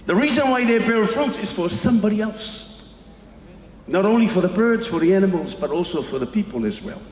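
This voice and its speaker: A man preaches a bilingual sermon, leaning hard on key phrases and drawing them out slowly. His voice sits high for a man. It rings out through a large hall with a long reverb and a faint hiss underneath. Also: animated.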